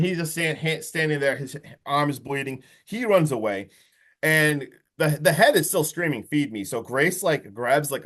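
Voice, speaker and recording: A man on a podcast excitedly retelling a horror movie's plot in a rambling, casual way. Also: a little high. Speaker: podcast co-host.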